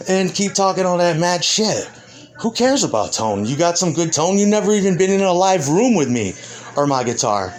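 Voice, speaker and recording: A man, a musician, in a rambling and profane rant, combative and heated. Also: a little high. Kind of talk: ranting monologue.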